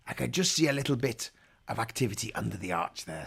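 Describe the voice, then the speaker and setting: Host, man: gravelly, bright voice, lively pitch, riffing in a mock pirate voice on a live stream. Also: fairly quick. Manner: jokey pirate-talk persona, growling "yar" and "aye"; rambling, irreverent asides. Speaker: livestream host.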